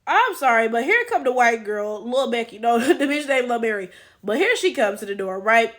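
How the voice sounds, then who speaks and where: Host type: woman with a high voice, crude, joking, rambling film reaction commentary. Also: very animated, moderate pace. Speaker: channel host.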